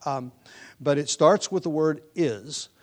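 A man's voice: fairly high pitch, slow pace. A man preaching an expository sermon, explaining grammar patiently with frequent restarts, then building to emphatic stress on key words. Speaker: pastor.

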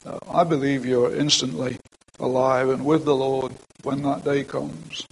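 A man's voice: medium pitch, level tone, unhurried, vocal fry, slight background noise, poor audio. An older man preaching a sermon in a church, talking plainly to the congregation with frequent asides.

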